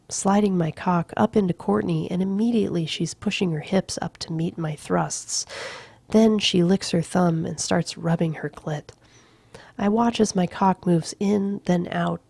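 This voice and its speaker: A woman reading a novel aloud in a slow, hushed, gravelly voice, sometimes dropping to a whisper. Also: on the low side, dry recording. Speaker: reader. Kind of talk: audiobook-style novel reading.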